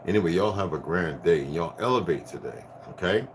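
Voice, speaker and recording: A man in his fifties giving a rambling spiritual rant to his viewers, profane and preachy, swinging from loud bursts down to hushed tones. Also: deep voice, lively intonation, brisk, noisy background. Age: 50s. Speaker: vlogger.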